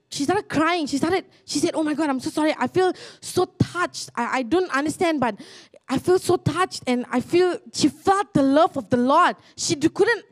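A young woman pastor tells a testimony in a sermon, earnestly, with many restarts and rising excitement. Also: sits high.

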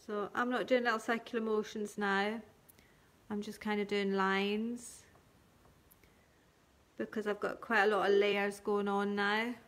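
A woman's voice: mid-range voice, little pitch movement, unhurried. Woman guiding a live colouring tutorial. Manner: gentle step-by-step guidance, thanks viewers by name. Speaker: craft tutor.

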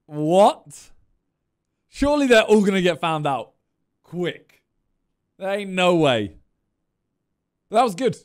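A man gives casual reaction commentary, groaning and making wry remarks. His voice sits fairly high and swings with lively ups and downs while he talks slowly. Faint music plays behind him. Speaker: reacting to a video.

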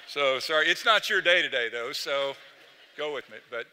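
A man giving a halting tribute to his pastor at a church celebration, with many fillers and some affectionate teasing. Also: on the high side, lively intonation, pushed and bright, a little hiss or hum. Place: large church sanctuary. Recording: long church reverb.

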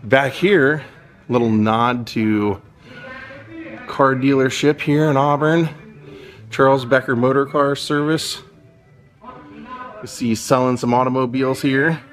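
A man's voice: medium pitch, fairly even intonation, takes it slowly, long pauses. A man giving a casual, admiring walking tour of a car museum, thinking aloud as he goes. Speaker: vlogger touring a car museum.

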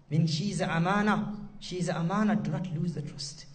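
A man's voice: high-pitched, steady tone, normal speed, darkish tone, recorded from a distance. A man preaching an emotional sermon, telling stories with impassioned repetition and Arabic devotional phrases.

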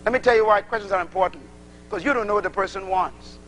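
A man's voice: high voice, quick pace, a little hiss or hum, rough recording. A man preaching a sermon to a congregation, acting out little dialogues as he teaches. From Bahamas. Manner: animated, acts out little dialogues.

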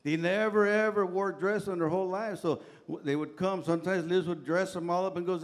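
A man's voice: sits high, steady tone, fairly quick, hardly any pauses. A middle-aged male pastor preaching in a church, telling stories in a casual, colloquial way full of "man" and "right?". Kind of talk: sermon with humorous personal stories. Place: church sanctuary.

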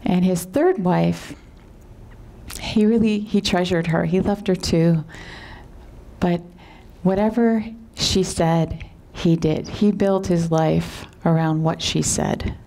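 A female yoga teacher tells a parable calmly and without hurry, occasionally dropping to a whisper and often asking "right?" Her voice is lowish, with vocal fry.

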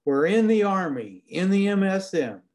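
A man's voice: high-pitched, big pitch swings, moderate pace, darkish tone, voice pushed up. A man voicing a proud, scheming male militia captain who talks up his plans boastfully. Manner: boastful, persuasive, rising enthusiasm.

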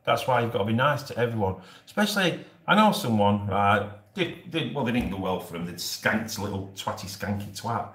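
Hosting a laid-back live stream, a Yorkshire man in his forties talks a little fast with hardly any pauses, in a fairly low, fairly bright, animated voice. His manner is jokey and rambling with frequent laughter, and the room echoes noticeably.

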